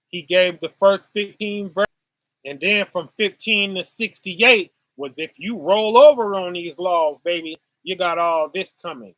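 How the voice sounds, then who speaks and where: A man's voice: sits high, fairly bright tone, no echo. A man preaching informally on scripture in a folksy, repetitive way, tagging his points with "right?" and "y'all".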